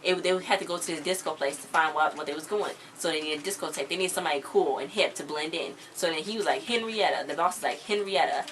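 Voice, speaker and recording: Lady w/ doing a casual tv recap, kinda low voice, lots of "like" and "you know", bit of faint noise. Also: fast, few pauses, fairly bright tone. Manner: chatty, retells scenes with lots of "like" and "you know". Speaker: TV episode reviewer.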